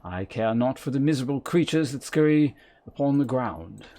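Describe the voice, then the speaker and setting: A man plays a boastful posh dragon hunter who speaks in a plummy, self-important drawl. The voice stays close to his own but is pushed a little louder and grander. It is read aloud from game dialogue. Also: medium pitch, animated, moderate pace, voice pushed up, lightly acted.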